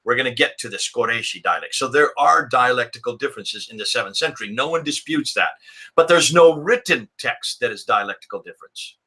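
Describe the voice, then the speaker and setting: A man with a bright, sharp tone and a husky edge explains things to viewers on a live stream. His delivery is measured and patient as he works through their questions. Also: mid-range voice, expressive. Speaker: co-host.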